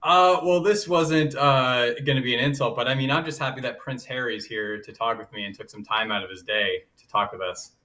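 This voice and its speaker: A man's voice: mid-range voice, a little fast, hardly any pauses, sharp tone. A man, a philosopher on a casual chat show, speaking in a laid-back, joking way. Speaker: guest philosopher.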